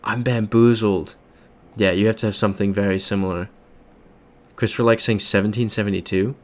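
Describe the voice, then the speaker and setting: Deep-voiced American man chatting on stream. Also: steady tone, a little fast. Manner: chatty, reads chat aloud, mutters guesses to himself. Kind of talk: casual live-stream chat while playing a geography game.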